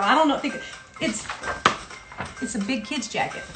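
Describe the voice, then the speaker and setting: Her voice high-pitched and sing-song, a woman from South Carolina hosts a chatty, playful livestream at home in Brooklyn, talking fairly quickly but pausing often. She has a Southern accent, and music plays behind her in an echoey room.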